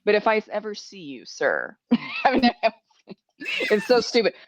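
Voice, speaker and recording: A woman's voice: mid-range voice, wildly swooping pitch, unhurried, no room sound. A woman hosting a podcast, chatting casually, laughing often and swearing freely. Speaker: podcast host. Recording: dry, dull lo-fi sound.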